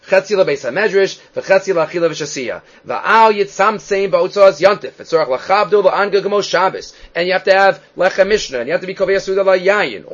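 A man teaching a Talmud class as a rabbi, lecturing emphatically, his voice jumping up and dropping down to stress points. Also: on the high side. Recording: dull lo-fi recording.

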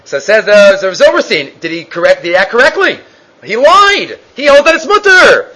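A man teaching a Talmud class, animated and sometimes halting, acting out quoted voices. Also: high voice, poor audio. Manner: animated, acts out quotes in raised voice; halting with fillers and restarts.

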